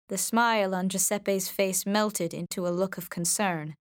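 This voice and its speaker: A woman narrating a storybook in a gentle, measured way. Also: medium pitch, steady tone, dry recording, clean studio sound. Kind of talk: storybook reading.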